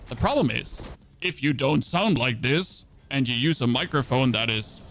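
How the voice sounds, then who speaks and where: Over slight background noise, a game streamer whose first language is German chats with his live audience in an animated, medium-pitched, slightly bright voice at a moderate pace. He rambles, mocks himself, and frequently starts over.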